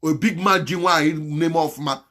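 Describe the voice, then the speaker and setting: A man with a Nigerian Igbo accent delivering a moralizing monologue on his channel, mixing Igbo and English, impassioned and pleading by turns. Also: normal speed. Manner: impassioned and moralizing, swinging between loud exhortation and low pleading. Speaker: channel host.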